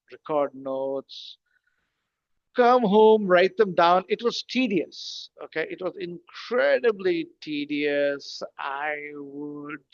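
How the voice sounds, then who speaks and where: A man, a guest on an online call, explains his topic in a lively, conversational way. His voice sits a little on the higher side. He breaks ideas into steps and poses rhetorical questions to his listeners. The audio is dry and slightly dull, like lo-fi call sound. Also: no room sound. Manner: explains things step by step with rhetorical questions and asides. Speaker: guest speaker. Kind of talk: conversational talk in an online session.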